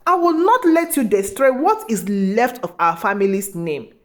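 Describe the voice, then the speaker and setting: A woman voicing a suspicious, practical grown daughter who talks in a shrill, demanding way in a storybook tale. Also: expressive, normal speed, natural voice. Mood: bitter.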